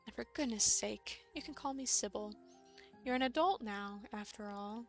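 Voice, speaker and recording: A woman's voice: a little high, faint music behind, natural voice. A woman playing a gracious, knowing older lady. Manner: gentle, polite, unhurried.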